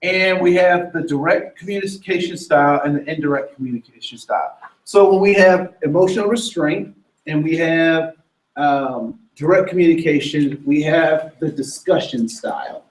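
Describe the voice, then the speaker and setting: Man, higher voice, animated workshop trainer, asks the audience questions, echoey room, distant mic. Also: moderate pace. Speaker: diversity trainer. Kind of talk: workshop lecture.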